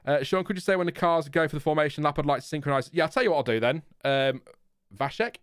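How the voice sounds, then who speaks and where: A man's voice: a little high, quick pace, clean tone, no room sound, clean studio sound. A British man hosting a live-stream watchalong, chatting and laughing at himself from home. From Britain. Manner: chatty, self-deprecating, laughs often. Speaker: host. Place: home room. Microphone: headphones with a desk mic.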